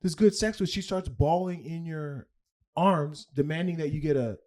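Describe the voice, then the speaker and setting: A man's voice: a little high, moderate pace, darkish tone. A young adult man, a comedian, telling a long personal story casually and candidly, often adding "right?" and "like". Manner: candid, rambling, leans on "right?" and "like". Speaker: guest comedian.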